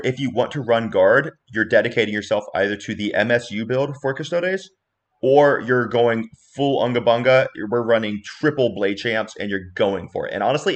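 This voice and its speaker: A man hosting a casual livestream chat, animated and chatty, laughing easily and explaining with confidence as a coach. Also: medium pitch. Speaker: host and coach.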